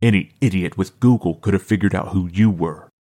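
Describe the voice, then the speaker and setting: A man's voice: deep voice, a little fast, warm tone. A man reading the lines of a formal, impatient middle-aged small-town mayor in an audiobook. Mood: stiff.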